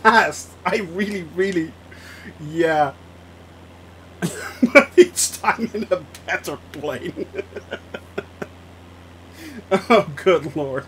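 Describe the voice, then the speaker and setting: A young man chats casually with viewers during a flight simulator stream, often laughing and responding to chat. He speaks in a slightly high, somewhat bright voice, drawing out his words and pausing often, over a faint hiss or hum.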